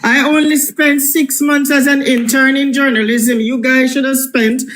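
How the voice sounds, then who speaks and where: A man's voice: very high-pitched, little pitch movement, a little slow, fairly bright tone, a little hiss or hum. A man with a Jamaican accent hosting a casual podcast chat, scolding and laughing in patois. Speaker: podcast host.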